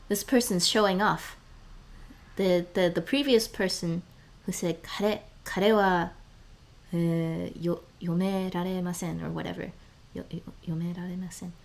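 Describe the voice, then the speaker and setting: A woman streaming casually, sounding out words slowly, often dropping to a murmur or whisper and laughing between phrases. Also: lowish voice. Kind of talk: casual live-stream chat.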